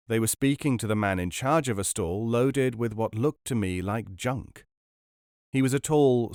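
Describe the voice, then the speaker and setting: A man narrating a book aloud in a measured, expressive storytelling manner. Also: lowish voice, no room sound, studio quality. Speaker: podcast narrator. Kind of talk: audiobook reading.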